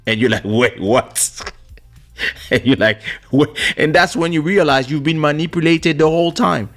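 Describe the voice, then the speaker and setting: A man hosting a casual talk show, telling personal stories in an animated way and acting out the voices of the people he quotes, into a studio microphone. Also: on the high side, moderate pace, soft background music. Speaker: podcast host. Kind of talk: casual storytelling chat. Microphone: streaming studio microphone.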